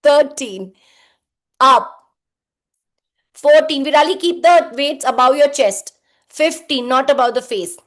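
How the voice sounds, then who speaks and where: A woman's voice: high-pitched, slow, pauses often. A woman leading a live group workout, counting reps and giving short cues and praise. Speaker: fitness instructor. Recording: echoey room.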